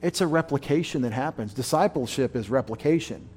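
A man preaching a sermon at a Bible study, fervent and emotional, his voice rising loud and then dropping back. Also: medium pitch, animated, a little fast, husky. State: tired. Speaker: pastor.

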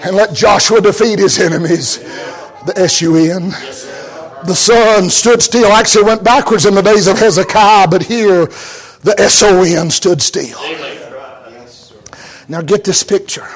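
An older preacher with a strikingly high voice for a man, calling out "amen" and "hallelujah" between phrases. He draws his words out slowly and deliberately, then rises to shouted peaks. Between those peaks he sinks into low, soft storytelling. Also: rough recording. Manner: fervent preaching cadence, punctuated with amens and hallelujahs. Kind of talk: revival sermon.

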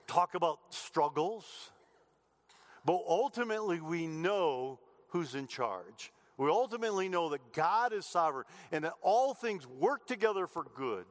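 A middle-aged man preaches from the pulpit of a church sanctuary, earnest and a little repetitive, often doubling back on his words. His voice sits slightly high for a man, and it carries a long reverb from the large hall. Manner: earnest preaching with repeated phrases and restarts. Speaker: pastor. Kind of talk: sermon.

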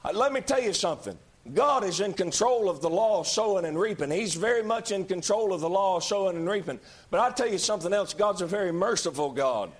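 A man preaching a sermon in a folksy, emphatic way, rising to shouts at times. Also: high voice, animated, brisk, few pauses.

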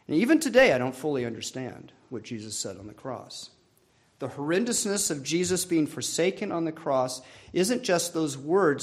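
Earnest man preaching a sermon. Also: mid-range voice. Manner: earnest, measured preaching with rising emphasis and soft trailing ends. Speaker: pastor.

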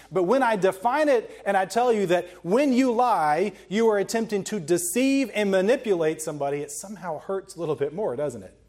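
A man's voice: sits high, animated, brisk, few pauses, a little mellow. A man preaching a sermon, reading scripture aloud and then explaining it with earnest emphasis. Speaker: pastor.

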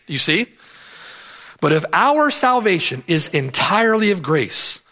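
Male preacher, high and bright voice, emphatic verse-by-verse sermon with lots of repetition. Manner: emphatic, repeats key phrases, asks "right?". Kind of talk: expository sermon.

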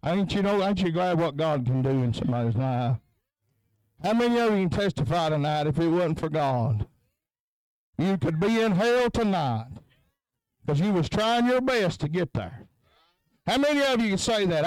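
A man's voice: fairly high pitch, big pitch swings, normal speed, darkish tone, dry recording, low-quality recording. A man preaching at a tent revival into a handheld microphone, punctuating his phrases with a chanted "huh?" as he builds intensity. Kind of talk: revival sermon.

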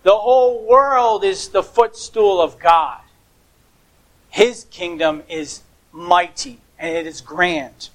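A man's voice: high voice, slow pace, fairly bright tone, rough recording. A man preaching a sermon as pastor, emphatic, stressing words by repeating them, with occasional stumbles.

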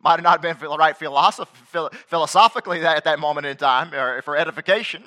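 A male pastor preaching with a bright, forceful tone and a voice that sits a little high. He drives his points home with pointed rhetorical questions and acts out the quoted voices of his listeners. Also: fast talker, few pauses. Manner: animated preaching with rising emphatic questions and acted-out quotes. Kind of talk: sermon. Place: church.

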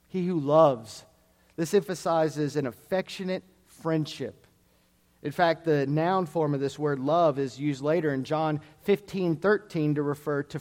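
A man preaching a sermon, with a deliberate, earnest expository delivery. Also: a little high, a little mellow. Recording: long hall reverb.

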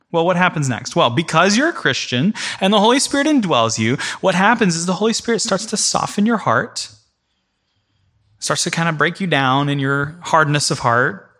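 Male preacher with a slightly high, forceful voice, storytelling casually to a congregation. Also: very animated, normal speed. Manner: vivid storytelling in the second person, addressing the room directly. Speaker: preacher teaching a church class. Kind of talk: conversational teaching before a congregation.

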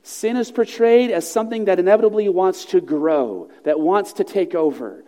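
Preaching in a church sanctuary, a male pastor uses a high, mellow voice in an animated yet measured and earnest way. He slows down on key phrases, and the big hall adds a long reverb to the sound.

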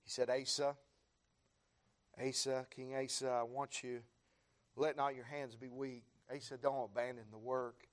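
An American man preaching a sermon in a church, building his repeated phrases up into fervent shouts while the congregation answers with amens. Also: mid-range voice, little pitch movement, a little slow. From United States. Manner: rising to fervent shouts, repetitive rhythmic phrasing.

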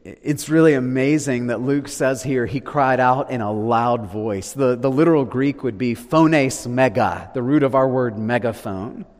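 A man preaching a sermon, swinging from loud declarations to hushed, low lines. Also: unhurried, hardly any pauses. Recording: long reverb of a large hall.

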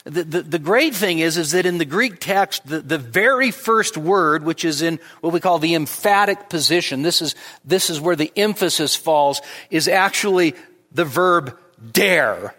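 A man's voice: fairly high pitch, lively intonation, measured pace, sharp tone, in a large hall. A male pastor giving an expository midweek sermon, teaching with emphasis and often restarting his words. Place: church hall.

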